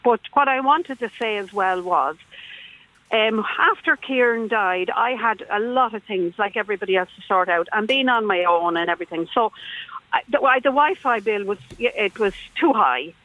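A woman's voice: medium pitch, moderate pace, no echo. An Irish woman calling in to a radio show, animatedly retelling a story and acting out the voices in it. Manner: emotional, animated retelling with quoted dialogue. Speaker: caller. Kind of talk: phone-in call to a radio show. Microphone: phone. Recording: tinny phone line.

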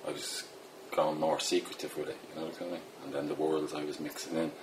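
In a fast, flat bass voice, a middle-aged poet from Dublin, Ireland, talks through a casual interview. He meanders, downplays himself and uses plenty of fillers, all over a noisy background.

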